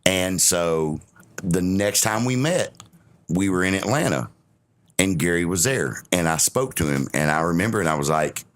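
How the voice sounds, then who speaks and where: A man with a very deep, low voice tells a long story on a casual podcast. He rambles through his anecdote and quotes other people without changing his voice. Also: lively intonation, moderate pace. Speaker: podcast guest of honor.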